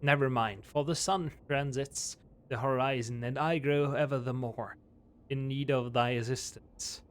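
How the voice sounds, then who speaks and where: A man's voice: mid-range voice, fairly even intonation, slight background noise, lightly acted. A man voicing a formal, courtly landlord who talks in archaic old-fashioned phrases. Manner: archaic formal speech, measured and slow. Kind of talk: live game-stream voice acting.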